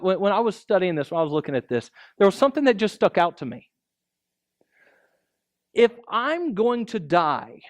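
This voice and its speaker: A male pastor preaching a sermon in a conversational way, peppering his points with rhetorical asides. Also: high-pitched.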